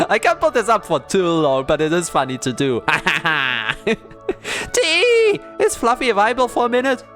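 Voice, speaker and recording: A streamer playing a visual novel live, chatting and musing aloud about the story, giggling often and sometimes breaking into high excited squeals. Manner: bursts into high excited squeals when greeting; reads game narration in a soft, low, dreamy tone. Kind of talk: live-stream gameplay commentary.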